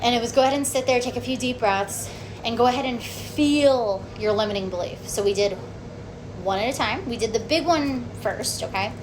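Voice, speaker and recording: A woman with a slightly high voice recounts her own experience in a chatty, animated vlog. She keeps checking in with "okay?" and peppers her talk with "like". A faint background noise runs underneath. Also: normal speed. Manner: animated, acts out quotes, frequent "okay?" and "like". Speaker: vlogger. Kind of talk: casual personal storytelling.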